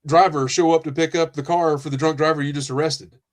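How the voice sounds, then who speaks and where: A former police officer telling a story on a podcast, animated, acting out what people said and often restarting his sentences. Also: a little high, a little fast. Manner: animated storyteller, acts out quotes, frequent restarts. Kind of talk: casual storytelling in a podcast interview.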